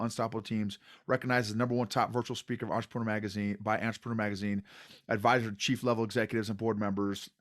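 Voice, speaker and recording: Forties guy hosting a podcast, laughs a lot, loose and chatty, middle pitch. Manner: eager and laughing often, loose and informal. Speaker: podcast host. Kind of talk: casual interview chat.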